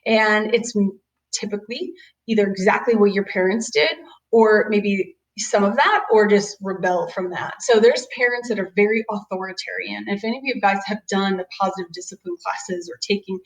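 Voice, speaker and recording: A woman in her thirties, a chiropractor, giving a casual webinar talk on parenting from her office, rambling with lots of "um" and "you know". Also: medium pitch. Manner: acts out quoted voices of her kids and parents. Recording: roomy, distant-sounding office recording.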